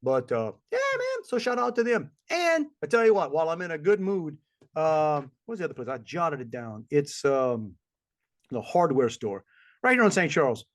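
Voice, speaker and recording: A man's voice: a little high, very animated, normal speed. Rambling man telling stories. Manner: rambling storyteller, acts out voices of people he met. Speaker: podcast co-host. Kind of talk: casual chat.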